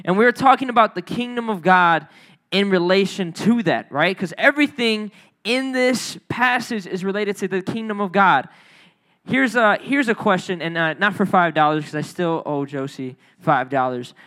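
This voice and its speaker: A man with a high voice preaches in a loose, joking way to a youth group. His tone is bright and lively, and he calls out to listeners and has them repeat phrases back. It sounds like a casual church talk. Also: normal speed. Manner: playful, joking with the audience by name; call-and-response prompts. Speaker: youth pastor. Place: church room.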